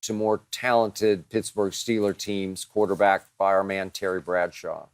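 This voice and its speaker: A man's voice: sits low, flat delivery, a little slow, dry recording. A man hosting a show, answering listener questions in a dramatic, emphatic monologue that piles up strong words.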